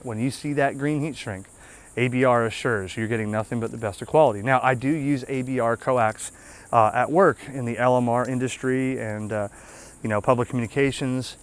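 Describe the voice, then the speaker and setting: A man's voice: medium pitch, smooth. A man hosting a ham radio channel, walking viewers through an antenna setup in a casual, folksy way and checking in with a frequent "okay?". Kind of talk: casual hands-on product demo.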